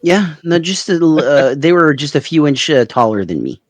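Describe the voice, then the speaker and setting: A man's voice: a little high, expressive, moderate pace, dry recording. A man with a Canadian Maritimes accent, co-hosting a podcast and telling a long, rambling anecdote in casual chat, often laughing at his own story. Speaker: podcast co-host.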